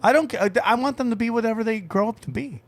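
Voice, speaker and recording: A very high-pitched, fast-talking man hosts a podcast, telling rambling, profane stories in casual comedic conversation. His storytelling is animated and full of put-on voices.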